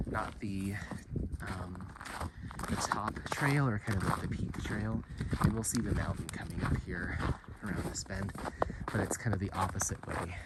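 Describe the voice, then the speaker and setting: A man chatting casually and rambling with lots of fillers while walking a mountain trail for his vlog. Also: low voice. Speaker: vlogger. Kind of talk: casual walk-and-talk vlog. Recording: heavy outdoor background noise. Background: loud outdoor noise.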